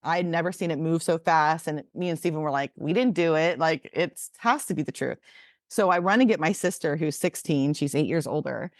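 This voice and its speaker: A woman in her forties with a low voice tells stories on a podcast, acting out each quote with animated energy. The sound is dry and close to the mic. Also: fairly quick, no echo. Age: 40s. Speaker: podcast co-host. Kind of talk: casual storytelling chat.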